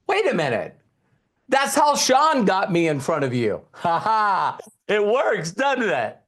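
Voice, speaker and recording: A man's voice: high-pitched, slow pace. A middle-aged man giving a motivational seminar talk on network marketing, emphatic, acting out quoted conversations, and often turning to the audience with questions. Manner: animated, emphatic, acts out quoted dialogue; addresses the audience directly with repeated questions.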